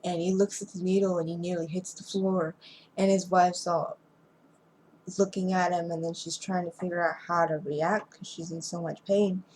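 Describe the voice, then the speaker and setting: A woman's voice: on the low side, flat delivery, darkish tone, slight background noise, low-quality recording. A woman recapping a movie plot casually, rambling and restarting her sentences, sounding sleepy and yawning. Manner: rambling, halting retelling with many restarts. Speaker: amateur movie reviewer.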